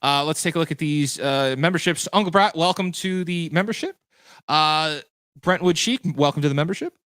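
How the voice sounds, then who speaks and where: Male game master hosting a livestream recap; bright, forward voice, loose and chatty with frequent restarts. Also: a little high, moderate pace, smooth, no room sound. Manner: chatty, self-correcting, answers viewer questions. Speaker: game master and show host. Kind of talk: livestream post-show chat.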